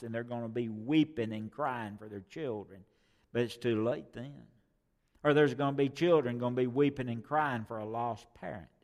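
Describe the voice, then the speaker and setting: Emphatic preacher in a reverberant church. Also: male voice, medium pitch. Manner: emphatic, repeats key words, swings from loud to hushed. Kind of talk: sermon.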